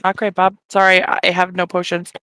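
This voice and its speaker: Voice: mid-range voice, completely flat delivery, moderate pace, pushed and bright, clean tone, no echo. Playful chatty tabletop player. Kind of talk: casual game chat.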